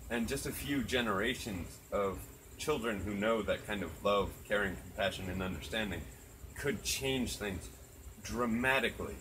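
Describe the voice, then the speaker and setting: A man talks in an earnest, reflective way, dropping swear words casually. His voice sits on the low side. Crickets chirp loudly around him outdoors at night. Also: normal speed, slight background noise, rough recording. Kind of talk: casual chat.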